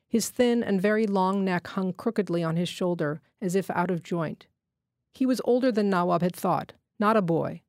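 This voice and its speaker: Low, dry woman reading a story. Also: no echo. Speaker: guest reader. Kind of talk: literary reading.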